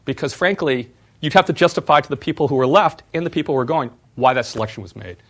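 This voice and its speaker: A middle-aged man gives a university talk about running a startup. He tells his stories in an animated way, and his voice jumps up when he retells exchanges. His voice sits at an ordinary male pitch. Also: fast talker. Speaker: former startup CEO speaking to students. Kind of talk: lecture with personal stories.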